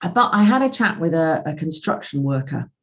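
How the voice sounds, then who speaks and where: A financial coach in a podcast interview tells stories, acting out both sides of each conversation. Her voice is low and very animated at a moderate pace, and the recording has a dull lo-fi sound.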